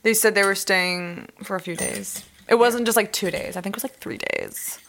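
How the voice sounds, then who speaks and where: A woman's voice: mid-range voice, normal speed, a bit bright, a little hiss or hum. A young adult woman co-hosting a podcast, chatting casually and playfully about a movie, swearing now and then. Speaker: podcast co-host.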